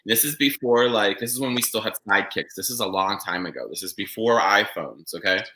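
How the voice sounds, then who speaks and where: A man hosting a casual chat podcast, telling stories in a rambling, animated way. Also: lowish voice, fairly quick, slight background noise, rough recording. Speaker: podcast host.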